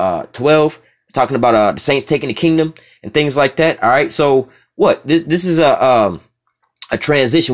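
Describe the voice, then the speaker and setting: A man gives a Bible teaching in loose street talk, rushing through his points with profanity and constant asides to the listener. He slows right down to read verses aloud, then picks up speed again. His voice sits in an ordinary middle pitch. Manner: rough slang and profanity, frequent "you know what I'm saying"; reads scripture slowly, then preaches fast and heated.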